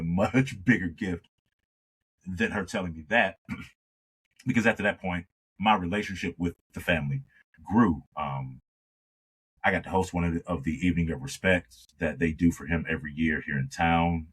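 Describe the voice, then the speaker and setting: A deep, husky-voiced man speaks as a singer being interviewed. He tells his stories in an animated way and acts out the lines of the people in them. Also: a little slow, long pauses, poor audio. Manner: animated storyteller who acts out dialogue. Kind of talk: storytelling in a conversation.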